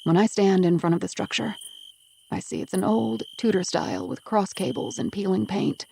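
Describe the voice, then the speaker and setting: A woman's voice: medium pitch, lively intonation, normal speed, creaky, dark tone, slight background noise. A woman narrating a first-person audiobook with an intense, emotional delivery.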